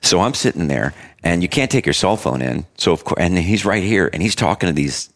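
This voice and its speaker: A man with a very low voice tells stories in a relaxed conversation. His pitch swings widely as he gets animated, and he often breaks into laughter while imitating the people he describes. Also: fairly quick. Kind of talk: casual chat.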